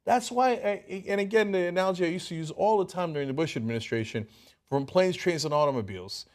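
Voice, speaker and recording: A man hosting a political talk show, giving animated and worked-up commentary. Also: sits high, fast talker.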